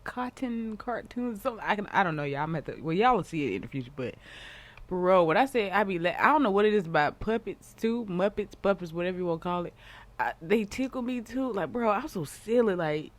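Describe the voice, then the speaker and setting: A woman hosts a casual reaction vlog and speaks directly to her audience in a giggly, easygoing, slang-filled way. Her voice sits at an ordinary pitch but moves up and down freely, so her delivery sounds bouncy and animated. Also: a little fast. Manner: giggly, playful, slangy and chatty. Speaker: vlog host.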